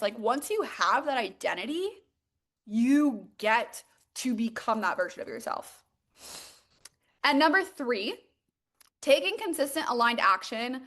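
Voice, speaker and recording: A young woman runs a live-streamed coaching session and sits a little high in her register. She sounds bubbly and excitable, and "like" runs all through her speech. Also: measured pace. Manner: bubbly and excitable, heavy use of "like". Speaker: manifestation and mindset coach.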